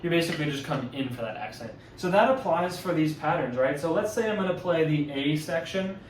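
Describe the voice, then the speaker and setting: Sounding animated and a little fast, a drumline instructor with a voice on the high side runs through audition exercises in a loose way, full of fillers and self-corrections. The mic sits at a distance in an echoey room, with slight background noise.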